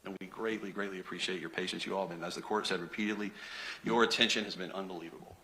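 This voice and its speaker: A man's voice: deep voice, fairly even intonation, fast talker, sharp tone. A man giving a courtroom closing argument to a jury as a prosecutor, emphatic and sarcastic, firing off rhetorical questions.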